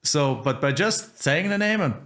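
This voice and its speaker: A man's voice: a little high, big pitch swings, normal speed, a bit bright. Casting: man as podcast host, casual storytelling, loose and full of restarts. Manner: storytelling with restarts, acts out phone calls. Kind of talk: casual interview chat.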